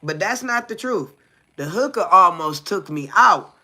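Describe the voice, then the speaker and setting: A woman's voice: fairly low pitch, lively intonation, measured pace, pushed and bright. A middle-aged woman talking frankly to her live viewers in a rambling, profane, confessional way, often checking if they hear her. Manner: blunt and profane, keeps asking viewers "you hear me?"; loose, rambling, with repeated fillers. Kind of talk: casual confessional live chat.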